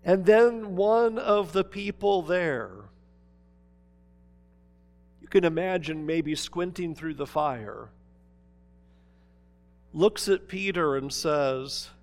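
A man preaching a sermon. He tells the story dramatically, moving between emphatic passages and hushed ones. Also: high-pitched, slow pace, soft background music. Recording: long reverb of a large hall.

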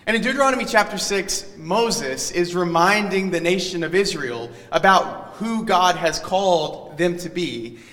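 A man preaching a sermon, earnest and emphatic, teaching carefully and letting his phrases fall soft at the ends. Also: high-pitched, animated, measured pace. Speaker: pastor. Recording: long hall reverb.

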